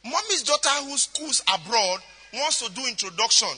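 Animated Nigerian preacher, high bright voice. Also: male voice, moderate pace, slightly rough. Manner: animated, switches into pidgin, acts out voices. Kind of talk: storytelling sermon. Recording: echoey hall.

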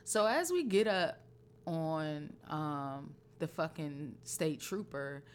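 A woman co-hosting a podcast, telling a story in a casual, profane, animated way. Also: deep voice, slow, a little hiss or hum. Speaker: podcast co-host. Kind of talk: casual chat.

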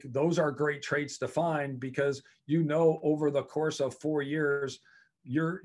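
A male college coach speaks in a casual podcast interview, earnest and reflective. His voice sits at an ordinary middle pitch, and he often restarts phrases and repeats words while he searches for the right point. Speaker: head lacrosse coach, podcast guest.

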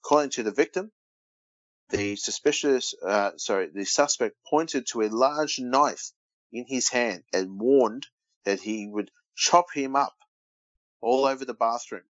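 A man's voice: mid-range voice, measured pace, a bit bright, no room sound. An Australian man co-hosting a casual podcast, reading odd news stories aloud and teasing his brother. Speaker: podcast co-host. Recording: dull lo-fi dry recording.

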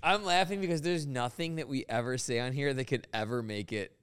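A man's voice: medium pitch, brisk, fairly bright tone, smooth. A young man co-hosting a casual comedy podcast, riffing and laughing through his lines. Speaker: podcast co-host.

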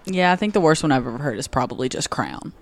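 A woman co-hosting a casual group chat, playful and quick to laugh. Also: sits low, expressive.

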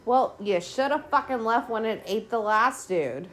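A woman's voice: on the high side, animated, unhurried, fairly bright tone. A woman podcast host giving casual movie commentary, swearing a lot and ranting in an exasperated, sarcastic way.

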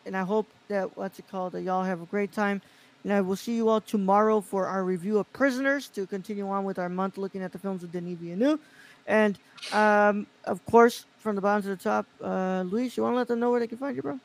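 A man's voice: high voice, steady tone, a little fast, vocal fry, low-quality recording. A man hosting a casual podcast, chatty and loose, with lots of fillers. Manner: loose, swearing, filler-heavy. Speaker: podcast host. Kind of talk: casual chat.

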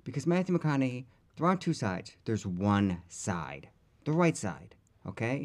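A man's voice: medium pitch, very animated, moderate pace. A man co-hosting a casual chat podcast, sarcastic and ranting, with stammering restarts. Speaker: podcast co-host.

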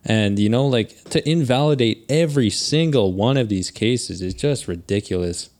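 A man in casual podcast chat, telling an anecdote with quick asides and fillers. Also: medium pitch, animated, a little mellow.

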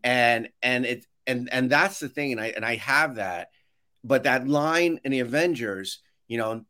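An education consultant appears as a podcast guest over a video call from a home office lined with shelves. His mid-range voice moves at a measured pace as he tells stories animatedly in a casual interview, acting out others' words and restarting often.

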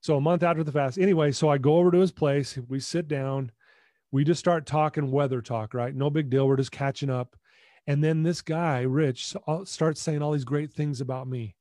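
A man's voice: a little high, moderate pace, no room sound, studio quality. A middle-aged man telling a personal story as a podcast guest, acting out dialogue and often restarting and repeating words. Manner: animated retelling with acted-out dialogue.

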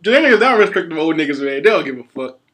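A man co-hosting a casual, profane chat, laughing loudly and often. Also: fairly high pitch, very animated, fast talker, a little hiss or hum.

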